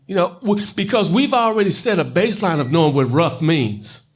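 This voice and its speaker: Earnest man co-host, slightly high voice. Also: big pitch swings, a little fast, husky. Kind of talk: talk show discussion.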